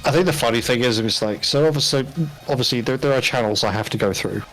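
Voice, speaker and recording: A man's voice: medium pitch, fast, fairly bright tone, soft background music. A British man chatting casually on a hobby painting stream, swearing freely and laughing often. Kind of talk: casual chat on a live stream.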